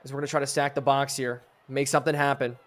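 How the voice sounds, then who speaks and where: A man's voice: mid-range voice, fast. A young man streaming a football video game live, commenting on the plays and reading chat aloud. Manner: excitable, reads chat aloud.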